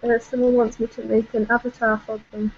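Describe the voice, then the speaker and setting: Soft-spoken young British woman. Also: on the high side, level tone, fairly quick, muffled recording. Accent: British English. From England. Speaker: chat participant. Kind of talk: casual group voice chat.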